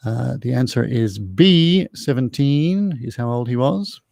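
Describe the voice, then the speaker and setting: Aussie bloke running an online pub quiz, gravelly voice, dry close sound. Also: male voice, medium pitch, expressive, a little slow, darkish tone, no room sound. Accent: Australian. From Australia. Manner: chatty, explains answers with spelled-out words and asides. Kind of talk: live-streamed trivia answers, casual chat.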